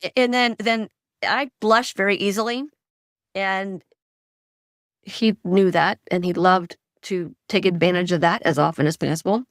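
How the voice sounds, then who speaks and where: A middle-aged woman, a guest author, telling stories in an animated way and acting out quoted dialogue. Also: medium pitch, unhurried, no echo, studio quality. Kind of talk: conversational storytelling.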